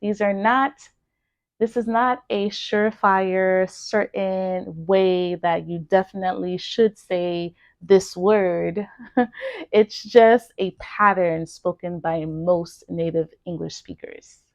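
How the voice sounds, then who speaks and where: American woman, pronunciation teacher, unhurried and precise, dry close sound, mid pitch. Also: steady tone, dry recording, dull audio. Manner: slow, careful, clearly articulated model words. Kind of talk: pronunciation lesson.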